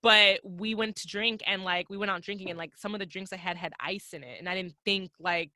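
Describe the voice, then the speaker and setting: A woman's voice: mid-range voice, fairly quick, dry recording. A young adult woman, a podcast guest, telling travel stories in casual, profane chat and acting out the voices she quotes. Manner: profane, animated storyteller who acts out quoted voices.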